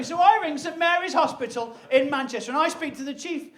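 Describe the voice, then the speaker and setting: A man performing live stand-up comedy, telling a self-mocking story in an animated way. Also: very high voice, a little fast, some chatter behind. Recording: echoey venue with audience laughter.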